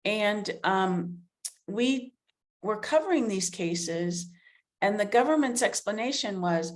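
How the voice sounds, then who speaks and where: A woman's voice: medium pitch, animated, slow pace. A middle-aged woman journalist answering interview questions earnestly, thinking aloud with fillers and restarts. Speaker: author and investigative journalist, guest.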